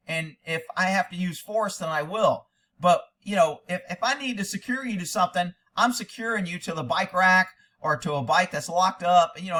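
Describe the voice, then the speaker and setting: A man's voice: sits high, fairly bright tone. A middle-aged man, a former police officer, giving blunt, profane casual commentary and laughing often.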